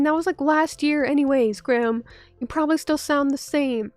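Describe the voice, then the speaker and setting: Hoarse young woman VTuber, high-pitched and bronchitis-rough. She rambles, curses and bickers with chat over a close, dry mic. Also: a little fast, darkish tone, dry recording. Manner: rambling, self-interrupting, swears, talks back to chat. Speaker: VTuber streamer. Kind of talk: casual live-stream chat.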